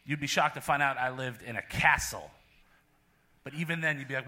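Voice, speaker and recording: A young man from Portland doing a laid-back stand-up set at a small live venue, deadpan with sudden loud bursts. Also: medium pitch, a little fast, slight background noise. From Portland, Oregon. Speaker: stand-up comedian.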